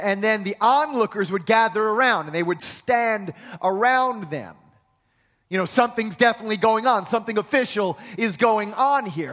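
A man's voice: sits high, a bit bright, in a large hall. A male pastor preaching a sermon in a conversational way, with acted-out asides, in a church sanctuary.

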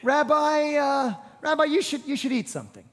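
Brief: stammering, nervous followers done by a preacher, pitched way up. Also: male voice, normal speed, in a large hall. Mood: fretful. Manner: hesitant, stammering. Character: flustered, worried male disciples.

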